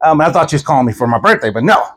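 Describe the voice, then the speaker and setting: A man's voice: fairly high pitch, very fast, slightly rough, faint music behind. A man preaching a storytelling sermon, acting out the voices in his story and laughing often with the congregation. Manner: animated, acts out quoted voices.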